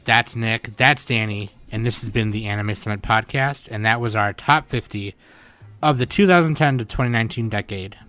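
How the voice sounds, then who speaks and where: A man's voice: on the low side, moderate pace, sharp tone, no room sound. Man, podcast host, casual, tired, fillers, dry close sound. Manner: laid-back, swears, lots of fillers. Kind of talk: casual chat.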